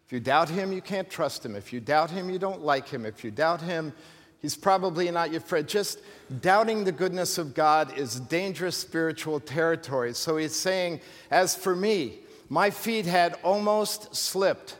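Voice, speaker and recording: A male pastor preaching an animated, emphatic sermon with rhetorical questions and humorous asides. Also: fairly high pitch, normal speed. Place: church sanctuary. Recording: long hall reverb from a church.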